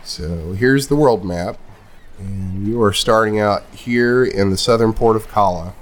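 A man runs a tabletop game in a low, relaxed voice, narrating the scene with frequent fillers. His talk is loose and conversational. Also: unhurried. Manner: casual, many fillers. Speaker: game master.

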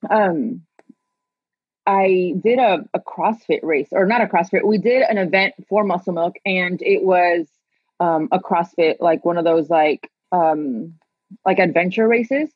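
A woman in her thirties with a husky, breathy voice, talking freely as an interview guest and recounting her past in a loose, chatty manner full of fillers. The sound is dry and close, a little dull and lo-fi. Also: fairly low pitch, a little slow, no room sound. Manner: chatty, laughs often, many fillers. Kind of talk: personal storytelling in conversation.

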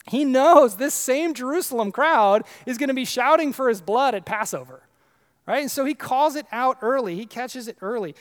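A man with a fairly high voice delivers a sermon, hammering key phrases with repetition. He drops into easy, conversational asides between his emphatic points. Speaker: pastor.

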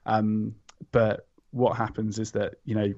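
Gravelly podcast guest, halting delivery full of ums; dull lo-fi recording. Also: male voice, on the low side, little pitch movement, mellow. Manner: hesitant, many ums and restarts. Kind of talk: casual chat recommending a comic. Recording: slightly dull lo-fi sound.

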